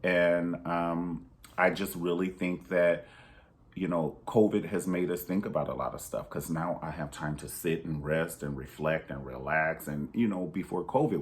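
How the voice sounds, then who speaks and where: A man with a deep, low-pitched voice talks candidly to his viewers. He speaks in an emphatic, preachy way, and his pitch leaps upward whenever he drives a point home. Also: moderate pace. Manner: pitch jumps high for emphasis. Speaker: vlogger. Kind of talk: candid personal vlog monologue.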